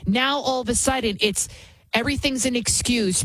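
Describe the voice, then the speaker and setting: Husky-voiced woman hosting opinionated commentary. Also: a little high, normal speed, fairly bright tone, no echo, low-quality recording. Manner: emphatic, indignant, repeats phrases for emphasis. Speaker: talk show host.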